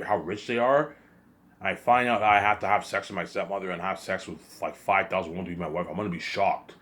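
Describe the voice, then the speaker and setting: Guy with a really low voice going off on a repetitive accusing rant into his camera. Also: fairly bright tone. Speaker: vlogger. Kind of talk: ranting monologue to camera.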